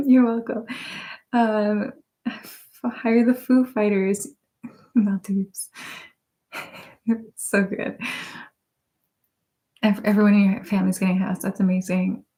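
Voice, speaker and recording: Giggly soft-spoken woman ASMR host. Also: mid-range voice, level tone, a little slow, pauses often. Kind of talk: live stream chat, reading viewer comments aloud. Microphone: binaural microphones.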